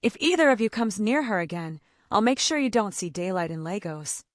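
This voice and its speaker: A woman's voice: medium pitch, expressive, fairly quick, dry recording, studio quality, lightly acted. A woman reading a cool, firm protective man. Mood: threatening. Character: calm protective male executive.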